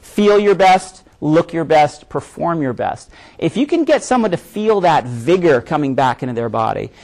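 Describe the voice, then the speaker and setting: A man's voice: on the high side, sing-song, moderate pace, creaky, a little mellow. A man giving a live presentation to an audience, speaking conversationally and often checking in with "right?" as he explains. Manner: conversational, frequent "right?" tag questions; repeats words when restarting.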